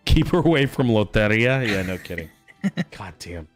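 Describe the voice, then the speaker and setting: Over faint background music, a father streaming a game talks at normal speed in a lowish voice. He swears as he animatedly shares stories about his toddler in casual chat.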